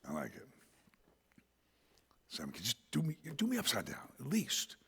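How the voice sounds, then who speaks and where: Animated pastor preaching, gravelly voice. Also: male voice, mid-range voice, normal speed, big-room sound. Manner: animated, swings from shouts to whispers, laughs often. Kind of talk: sermon. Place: church sanctuary.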